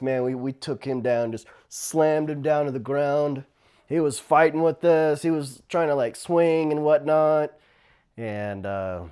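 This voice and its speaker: A man from the Navajo Nation, a former tribal police officer, telling stories casually. He laughs often and shouts out the quoted lines. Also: fairly high pitch, clean tone. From Navajo Nation, US Southwest. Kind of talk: casual storytelling.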